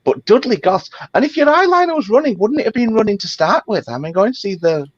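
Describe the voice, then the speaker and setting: A comedian darts through quick comic asides, stops the tangents short, and speaks in a husky voice with lively ups and downs. The recording sounds dull and dry. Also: medium pitch, no echo. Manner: rapid tangents, cuts himself off. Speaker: comedian panelist.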